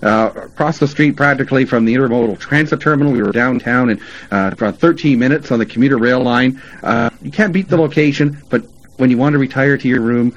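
This male radio host, mid-range in pitch and fairly quick, chats in a cheerful promotional style about travel spots and restaurants, dropping plenty of "uh" fillers. The sound is dull and lo-fi, with faint background noise.

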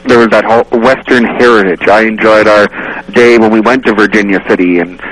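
A man on a radio show, fondly recalling a trip in a relaxed way with many pauses. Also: fairly low pitch, slight background noise, rough recording. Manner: relaxed, reminiscing, hesitant fillers. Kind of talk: casual radio chat.

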